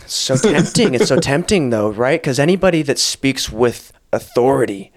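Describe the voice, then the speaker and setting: Podcast host guy, mid-pitched, thoughtful, kinda wry. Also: lively intonation, moderate pace. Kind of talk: casual spiritual chat.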